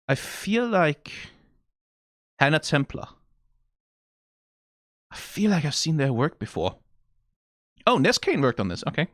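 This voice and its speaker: A man from Denmark hosting a casual reaction video, animated and exclaiming, swearing now and then and laughing. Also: fairly high pitch, a little slow, long pauses, no room sound, studio quality.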